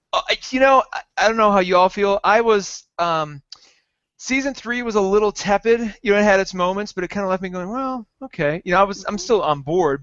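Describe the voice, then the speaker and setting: A man's voice: high voice, dry recording, muffled recording. A man co-hosting a casual pop-culture chat, talking with eager enthusiasm. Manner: enthusiastic, animated. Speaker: podcast co-host.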